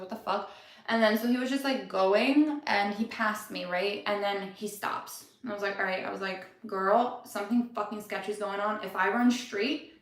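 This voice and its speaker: A woman's voice: medium pitch, fairly bright tone. A young woman vlogging a candid personal story, chatty and full of swearing and "like". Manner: candid, swears a lot, lots of "like". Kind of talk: casual storytelling vlog. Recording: roomy echo.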